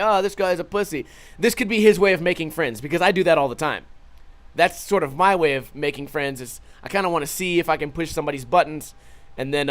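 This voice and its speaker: A young man hosting a vlog, telling a story casually, profane and animated, acting out the other people's lines. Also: on the high side, clean tone. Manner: profane, animated retelling with quoted voices. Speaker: vlog host.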